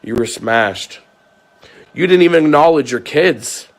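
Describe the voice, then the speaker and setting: A man's voice: fairly high pitch, lively intonation, unhurried. A man vlogging, ranting at length to his viewers in an aggrieved, repetitive way, often swearing.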